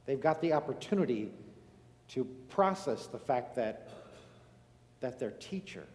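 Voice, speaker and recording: A male pastor preaching a sermon earnestly, moving between emphatic lines and hushed, solemn ones. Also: medium pitch, animated, measured pace. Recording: echoey hall with long reverb.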